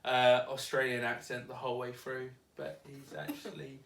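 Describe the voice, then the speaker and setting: A young man talks in a loose, rambling way, hedging every other phrase and breaking into laughs. His pitch sits in the middle range. He sounds distant from the mic in an echoey room. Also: level tone, moderate pace, vocal fry, a bit bright. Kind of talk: casual chat.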